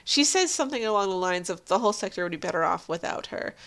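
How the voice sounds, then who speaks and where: A woman's voice: mid-range voice, lively intonation, fast talker, a bit bright. A young adult woman co-hosting a casual show, animatedly recapping an episode and laughing often. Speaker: podcast co-host.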